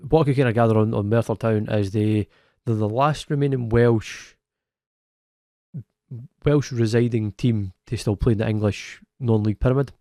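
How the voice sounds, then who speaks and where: Here a man with a fairly low, mellow voice and fairly even intonation co-hosts a football podcast. He's chatty and self-correcting, restarting sentences often and laughing quickly, all captured in a dry, clean studio recording.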